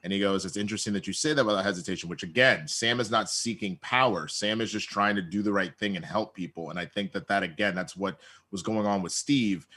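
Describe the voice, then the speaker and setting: Bright-voiced guy recapping an episode, acts out all the lines. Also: on the low side, fairly quick. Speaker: podcast co-host.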